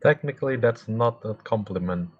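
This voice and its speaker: A man co-hosting a live reaction to an animated series, casually explaining jokes and cultural references. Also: fairly low pitch, normal speed, dull audio. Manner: explains things to his co-host.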